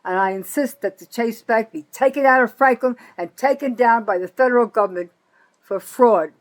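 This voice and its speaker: On a low-quality recording, an older vlogger from North Jersey, USA, delivers an angry political rant to camera at a moderate pace. Her bitterness and profanity come out in swings from loud outbursts to muttering under her breath.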